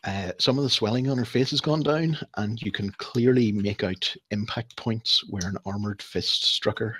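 A man running a tabletop game as game master, narrating scenes in a relaxed way. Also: lowish voice, moderate pace, a little hiss or hum. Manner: relaxed, laughing narration with fillers.

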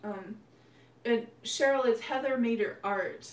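Slow-paced and on the high side, this woman runs a painting livestream where she talks affectionately and casually to her audience, addressing them as "you guys." The sound carries a steady hum, with room echo and a distant microphone.

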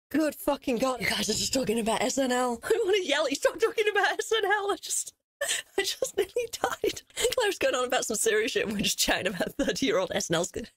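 Excitable, swearing woman gamer. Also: high voice, no room sound. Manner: loud, swearing, excitable reactions. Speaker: gaming streamer. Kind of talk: live let's-play commentary.

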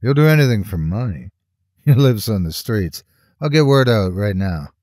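A man's voice: on the low side, big pitch swings, normal speed, darkish tone, dry recording, clean studio sound. A man voicing a younger, ambitious detective who speaks in an easygoing, obliging way, in a horror story reading.

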